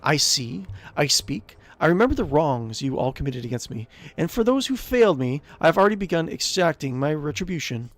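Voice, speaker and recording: A man's voice: on the high side, sing-song, a little fast, hardly any pauses. A man voicing a vengeful ghostly noblewoman aunt, reading her lines with cold scorn and mockery. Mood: ominous. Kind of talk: reading game dialogue aloud.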